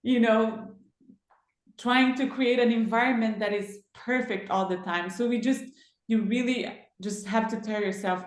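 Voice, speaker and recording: A woman, a parent on a discussion panel, speaking slowly and openly from the heart. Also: a little high, steady tone. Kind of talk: roundtable discussion. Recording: echoey room.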